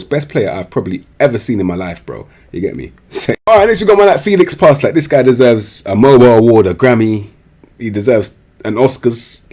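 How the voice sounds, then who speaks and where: Young guy doing game commentary, husky low voice, all over the place with pitch, sarcastic slangy banter. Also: a little mellow. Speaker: gaming streamer.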